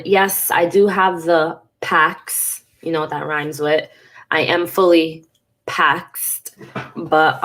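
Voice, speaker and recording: A woman's voice: sits low, a bit bright. A congested woman in her thirties talking frankly and casually to her viewers in a personal vlog, swearing now and then. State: congested from a cold. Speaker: vlogger.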